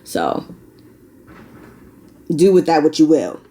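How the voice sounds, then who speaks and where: A woman's voice: low voice, very animated, slow pace, mellow, a little hiss or hum. A young American woman vlogging, chatting candidly while doing her makeup. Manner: candid, conversational, many fillers and likes.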